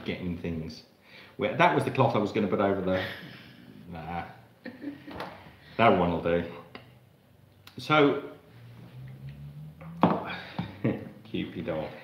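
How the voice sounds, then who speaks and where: A man's voice: low voice, expressive, slow, long pauses, roomy sound, slight background noise, low-quality recording. An Australian man hosting a live cooking stream, chatting to viewers in a rambling way while he cooks in his kitchen. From Australia, Melbourne. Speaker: cooking channel host.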